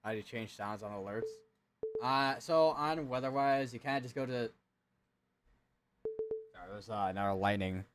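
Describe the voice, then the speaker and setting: A man's voice: medium pitch, moderate pace, pauses often, background noise. Young man calling live storm updates. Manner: casual, rambling, many fillers and restarts. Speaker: weather stream host. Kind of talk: live severe weather commentary.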